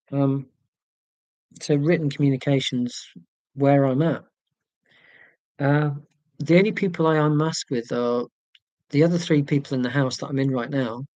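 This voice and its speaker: A man's voice: medium pitch, a little mellow, dry recording. A man hosting a casual livestream from home, reading viewer comments in a chatty, rambling, self-deprecating way. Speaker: YouTube channel host.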